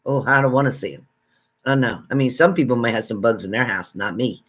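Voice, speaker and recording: A man hosting a casual livestream, chatting with viewers and greeting them by name, excitable and exclamatory. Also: medium pitch, brisk, a little hiss or hum. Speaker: livestream psychic reader. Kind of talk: casual live chat with viewers.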